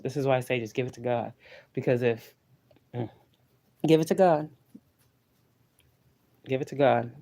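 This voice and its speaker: A man's voice: medium pitch, a little mellow. A man giving a casual, profane spiritual tarot reading, running through long repeated lists as he talks. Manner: loose, profane and repetitive, with chanted lists. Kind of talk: casual spiritual pep talk.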